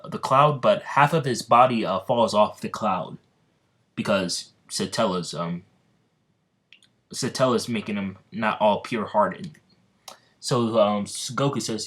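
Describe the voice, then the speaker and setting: Low-voiced guy making up a fan story, rambles a lot, um uh everywhere, giggly. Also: fairly bright tone. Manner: rambling, halting, lots of fillers and restarts, giggly. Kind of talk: improvised fan-fiction storytelling.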